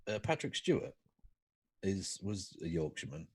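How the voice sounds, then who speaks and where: A man's voice: sits low, sing-song, moderate pace, darkish tone, husky, no room sound. A man, co-hosting a podcast in casual, jokey, sweary banter. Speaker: podcast co-host. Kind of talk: casual chat.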